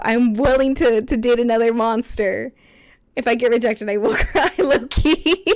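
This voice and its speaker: A young woman streaming live, chatting with her viewers while reading a story game aloud. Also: high-pitched. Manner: chatty, reads game text aloud, answers chat.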